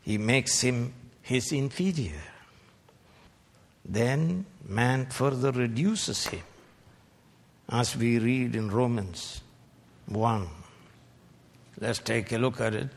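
A man preaching a fiery sermon, rebuking his hearers and bursting into shouted peaks between slow, deliberate lines. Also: medium pitch. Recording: long hall reverb.

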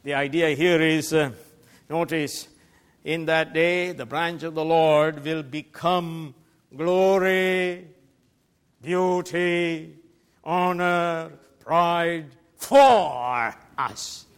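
A man preaching a sermon as pastor, emphatic, swinging between loud declarations and quiet asides. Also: fairly high pitch, steady tone, drawn-out words, clean tone. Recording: long reverb of a large hall.

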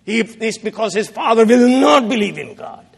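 Dramatic preacher man, fairly high voice. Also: sing-song, moderate pace, gravelly, husky. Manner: dramatic, swings from loud rebuke to soft murmurs. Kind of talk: sermon.

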